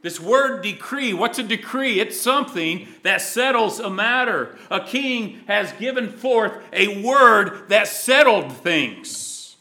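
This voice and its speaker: A man preaching a sermon, dramatic, moving from loud emphasis to hushed, low lines. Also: animated, slow, hardly any pauses.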